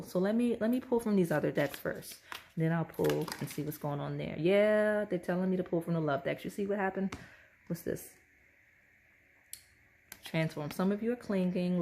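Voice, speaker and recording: A woman's voice: fairly low pitch, darkish tone. A woman giving a casual pick-a-card tarot reading, speaking straight to the viewer and often checking in with "right?" and "okay?". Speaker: tarot reader.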